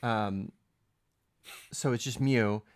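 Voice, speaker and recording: A man co-hosting a podcast in casual chat, relaxed and hesitant with many fillers. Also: on the low side, very slow, smooth. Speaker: podcast co-host.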